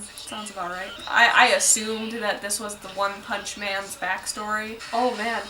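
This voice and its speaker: Casual woman reactor, bright tense tone, rambling "like" asides, faint background hiss. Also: mid-range voice, a little slow, hardly any pauses, recorded from a distance, low-quality recording. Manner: chatty, lots of "like", wry asides. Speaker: anime reaction vlogger. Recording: voice a bit off-mic with faint noise.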